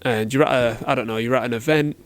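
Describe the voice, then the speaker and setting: A man's voice: medium pitch, fairly even intonation, fast, no room sound. Chatty young man hosting a podcast. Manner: chatty, slangy, acts out little dialogues. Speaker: podcast host. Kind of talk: casual solo podcast talk. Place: cold shop with fridges.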